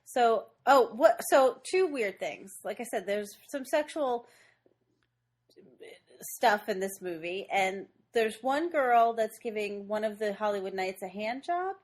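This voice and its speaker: A woman's voice: medium pitch, lively intonation, a little slow. A woman co-hosting a podcast, recapping a movie in casual chat and acting out its lines with animation. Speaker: podcast co-host.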